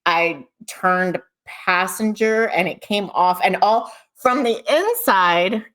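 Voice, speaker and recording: A woman podcast co-host telling a lively story in casual chat, quoting herself and laughing. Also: medium pitch, slow.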